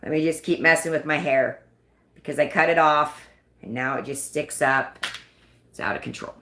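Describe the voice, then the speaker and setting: A woman's voice: low voice, normal speed, a bit bright, roomy sound, slight background noise. A woman hosting a casual live stream, chatting and rambling in a self-conscious way. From United States. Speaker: livestream host.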